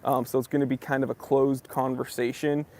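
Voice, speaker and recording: Chatty young man, gravelly voice. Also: mid-range voice, level tone, fairly quick, darkish tone. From southern New Hampshire. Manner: chatty, greets viewers by name. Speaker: live-stream host. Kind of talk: casual live-stream chat.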